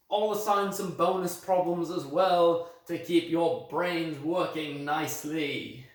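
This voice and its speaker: Man doing a mock British math teacher, slow and higher-pitched, phone at a distance in an echoey room. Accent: put-on British accent. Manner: steady step-by-step explaining, correcting own slips. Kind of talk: recorded remote lesson.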